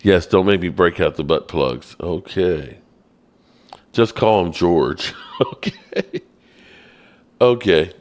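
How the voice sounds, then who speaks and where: Taking it slowly, a man running a casual sports stream reads out the chat with playful jabs at himself. When he gets exasperated, his voice shoots up high.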